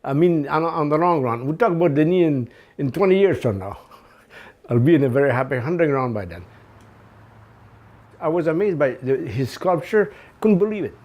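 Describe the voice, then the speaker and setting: An older man with a French accent, speaking slowly and reflectively in a documentary interview, with laughs between his thoughts. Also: fairly high pitch, animated, muffled recording. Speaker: snow sculptor.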